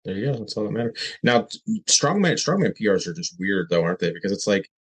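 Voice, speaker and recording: A man with a fairly low voice hosts a casual podcast. He talks loosely, swears freely and asks his guest questions in an easygoing way. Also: very animated, fast talker, slightly rough, rough recording. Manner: loose, profane banter. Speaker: podcast host. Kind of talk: casual chat.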